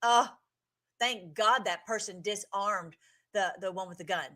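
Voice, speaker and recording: A woman's voice: mid-range voice, unhurried, pushed and bright. A woman hosting a casual livestream, commenting on clips in an effusive, emotional way with many restarts.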